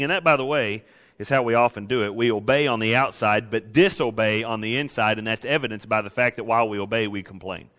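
A man's voice: on the low side, brisk, fairly bright tone, big-room sound. A man preaching a sermon in a conversational way, now and then acting out the grumblers he quotes. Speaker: pastor.

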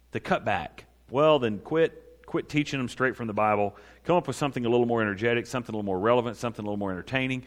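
A male pastor preaching a sermon, emphatic, swinging between loud raised declarations and quiet low asides. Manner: emphatic, rising to loud high-pitched proclamation then dropping low. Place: church sanctuary. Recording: reverberant hall.

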